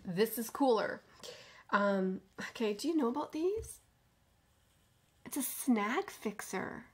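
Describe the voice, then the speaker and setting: A woman hosting a knitting podcast in casual chat, gushing with enthusiasm and often dropping to a soft near-whisper. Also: a little high, very animated, takes it slowly.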